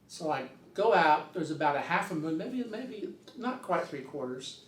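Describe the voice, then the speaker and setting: A man's voice: a little high, big pitch swings, moderate pace, a bit bright. An older man telling a rambling, casual story, slipping into other people's voices as he goes. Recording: roomy sound, distant from the mic.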